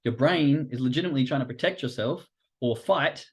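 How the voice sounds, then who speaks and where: A man of middling pitch hosting a live trading-psychology stream. He is loose and animated, curses freely, and drops into quick acted-out inner voices as he explains. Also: breathy edge. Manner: casual and animated, swears, acts out inner voices. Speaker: host.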